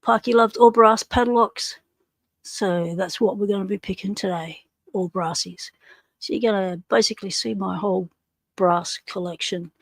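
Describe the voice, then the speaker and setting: A woman's voice: medium pitch, moderate pace, no room sound. An Australian woman hosting a casual livestream, greeting viewers in the chat by name with friendly slang. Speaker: livestream host.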